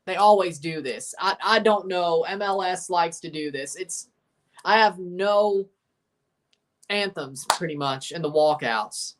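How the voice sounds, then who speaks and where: With a high, fairly bright voice and an unhurried pace, a Southern-accented Mississippi man hosts a casual livestream. He reads chat and replies as he rambles through chatty, opinionated watchalong commentary.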